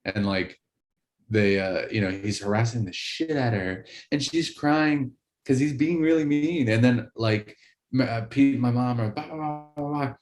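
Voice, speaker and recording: A man's voice: mid-range voice, normal speed, darkish tone. A man co-hosting a casual podcast, telling a rambling story with lots of fillers and laughter. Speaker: podcast co-host. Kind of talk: casual chat.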